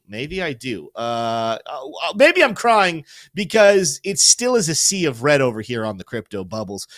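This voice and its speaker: A man hosting a crypto show, talking in an upbeat, joking way as he walks viewers through charts. His voice sits fairly high and swings widely in pitch. The sound is dry and close, with no room echo. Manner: energetic, joking, hypes viewers. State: teary-eyed. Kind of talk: casual market commentary.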